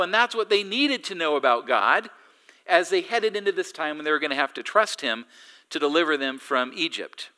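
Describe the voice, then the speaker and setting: Bright-voiced man preaching a sermon. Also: a little high, lively intonation, moderate pace, poor audio. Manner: conversational teaching with fillers and self-corrections. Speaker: pastor.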